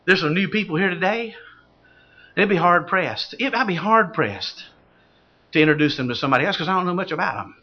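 A man's voice: sits high, lively intonation, a little fast, muffled recording. A man preaching a sermon as pastor. He questions the congregation and builds to fervent exclamations.

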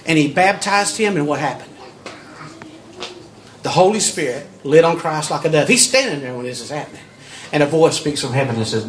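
A man preaching a sermon in a lively, storytelling way, often repeating words as he builds up. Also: on the high side, normal speed, long pauses, a little hiss or hum. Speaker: pastor.

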